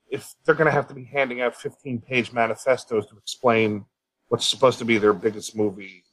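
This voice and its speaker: A man's voice: fairly low pitch, fairly bright tone, rough recording. A man on a casual podcast, dry and dismissive, swearing casually as he talks. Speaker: podcast co-host or guest.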